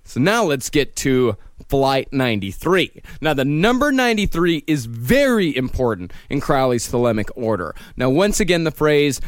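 A man co-hosting a casual podcast, explaining in a deliberate, lecturing manner. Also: mid-range voice, big pitch swings, no room sound. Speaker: podcast co-host. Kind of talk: casual chat.

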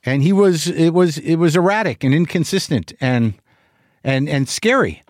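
A man's voice: fairly high pitch, expressive, normal speed, no room sound, studio quality. A middle-aged man hosting a podcast, telling a candid story in a rambling, profane way with lots of restarts. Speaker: podcast host. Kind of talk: casual monologue.

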